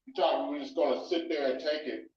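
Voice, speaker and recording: Emphatic, mocking male co-host, slightly high voice, far from mic in a roomy space. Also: fast talker, darkish tone. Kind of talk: heated opinion rant. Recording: roomy, distant, dull audio.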